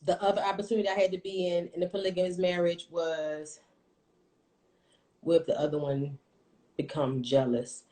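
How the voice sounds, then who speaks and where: A woman in her thirties telling a personal story on a casual livestream, blunt and profane, with animated storytelling. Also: on the low side, normal speed, long pauses, rough recording. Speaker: livestream host.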